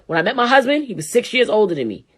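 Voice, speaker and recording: A woman host, ranting bluntly and profanely. Her fairly high voice leaps all over the place as she lectures. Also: big pitch swings, very fast. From New York. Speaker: show host. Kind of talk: ranting commentary.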